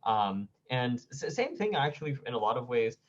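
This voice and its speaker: A man speaks in an even, mid-range voice, heaping emphatic praise on his fellow players after a tabletop game. The audio is a little dull and muffled, like a modest home mic. His tone is casual and warmly conversational. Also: medium pitch, normal speed, a little hiss or hum. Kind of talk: casual post-game feedback.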